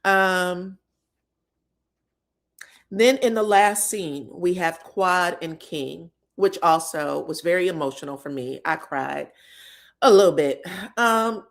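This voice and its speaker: A woman in casual chat, recapping reality-show scenes for viewers with animated, emotional delivery and free swearing. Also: on the low side, slow pace, vocal fry, long pauses. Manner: retells scenes in others' voices.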